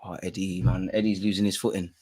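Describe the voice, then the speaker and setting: A man's voice: low-pitched, little pitch movement, quick pace, mellow, breathy edge. A young man hosting a live football watch-along, ranting at the referee and swearing, full of street slang. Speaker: streamer.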